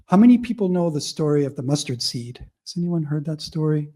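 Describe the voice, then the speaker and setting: A man's voice: on the high side, expressive, fairly quick, mellow. A man giving a public lecture who tells vivid personal anecdotes in a conversational way, full of "like" and "you know" fillers. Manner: vivid storyteller, audience-engaging. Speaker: academic speaker.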